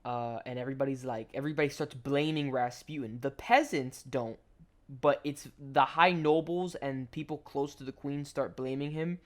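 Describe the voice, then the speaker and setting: A man's voice: mid-range voice, normal speed. A young adult man, a gaming commentator, telling a story in a rambling, slangy way, full of restarts over gameplay.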